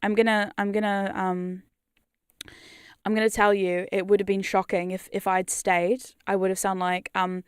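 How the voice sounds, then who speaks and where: A British woman with an accent drifting toward New Zealand, chatting casually on a livestream as a hypnosis creator, rambling, self-mocking and quick to laugh. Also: medium pitch, little pitch movement, smooth, no room sound, studio quality. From United Kingdom. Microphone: studio condenser mic.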